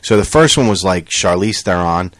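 A man's voice: low-pitched, moderate pace, no echo. A young man on a podcast, casually chatting and retelling a funny story, acting out what others said and swearing freely. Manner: animated storyteller, acts out quotes, swears. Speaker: podcast co-host. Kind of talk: casual chat.

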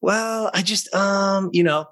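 A man's voice: sits high, a bit bright, pitched above the performer's own voice. A man voicing a hesitant woman client who stumbles over her answers. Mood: flustered. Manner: halting, unsure.

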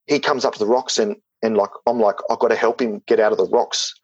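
A man's voice: fairly low pitch, steady tone, a little fast, hardly any pauses, breathy edge, dry recording, highs cut off. A man telling a story in casual talk, rambling with lots of fillers and restarts. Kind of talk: casual spoken anecdote.

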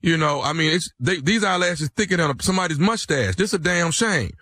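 A man acts out a furious husband on a prank call, loud and blustering, threatening in heavy slang. His voice sits high and sounds bright and sharp, with a dry close sound. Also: expressive, fairly quick, dry recording. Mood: angry. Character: loud angry husband, complaining caller, middle-aged man. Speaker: prank caller.

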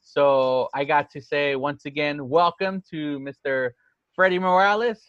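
A man's voice: on the high side, steady tone, unhurried, clean tone, no room sound, dull audio. A man hosting a casual podcast, chatting and laughing often with his guest. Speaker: podcast host.

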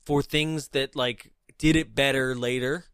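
A woman co-hosting a casual film review chat, animated and laughing, acting out lines in shrieks. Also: very deep voice, unhurried, clear, resonant tone, dry recording. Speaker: podcast co-host.

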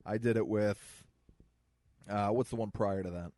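A man's voice: on the low side, fairly even intonation, unhurried, warm tone, dry recording, studio quality. A man from the American Midwest, co-hosting a podcast film commentary in a joking, rambling, casual chat. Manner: wry, joking, rambling storyteller. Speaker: podcast co-host.

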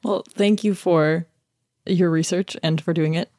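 A woman co-hosting a film podcast in casual chat, playful and quick to joke. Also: fairly low pitch, steady tone, darkish tone. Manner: playful, mimics voices for laughs. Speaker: podcast co-host.

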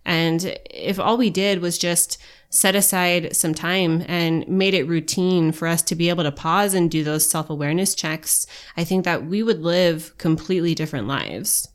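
A woman's voice: lowish voice, moderate pace. A woman podcast host and coach talking earnestly and encouragingly straight to her listeners. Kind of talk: reflective podcast talk to listeners.

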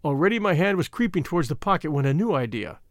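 A man narrating an adventure novel as an audiobook in an expressive, measured storytelling manner. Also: fairly high pitch, no echo, studio quality.

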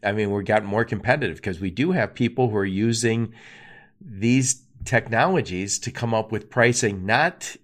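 A man hosting a podcast interview, talking in an emphatic, animated way and acting out quoted asides. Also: fairly low pitch, normal speed. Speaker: podcast host. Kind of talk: conversational interview.

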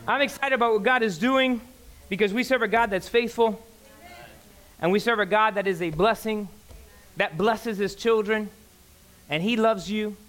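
High, bright-voiced excitable preacher man. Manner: excitable, emphatic, repeats phrases for effect. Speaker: pastor. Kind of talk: sermon. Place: church sanctuary.

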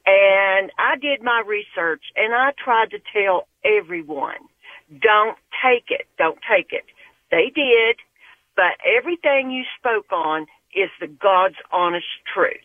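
A woman's voice: medium pitch, animated, slow pace, dry recording. A woman from Tennessee with a Tennessee accent, calling into a radio show earnestly over the phone. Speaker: caller. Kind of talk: call-in radio comment. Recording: tinny phone line.

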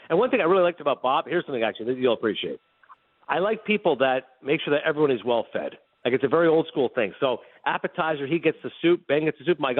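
A man's voice: fairly high pitch, no room sound. A man telling a long anecdote as a radio guest, acting out the lines of everyone in the story. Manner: animated, fast anecdote telling with acted-out dialogue. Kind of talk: casual storytelling chat. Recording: dry phone-line sound.

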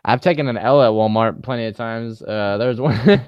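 A man's voice: mid-range voice, moderate pace, clean tone, dry recording, dull audio. A young man co-hosting a casual chat, laid-back and self-mocking, laughing a lot.

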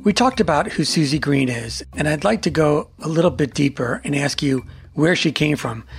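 A male interviewer asking a calm, probing question. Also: fairly high pitch, normal speed, gravelly, husky, soft background music.

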